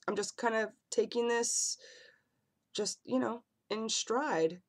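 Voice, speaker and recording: A man's voice: high voice, slow. A man vlogging to camera in a casual, earnest way, often apologizing and circling back as he talks. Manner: earnest and apologetic, rambling with restarts.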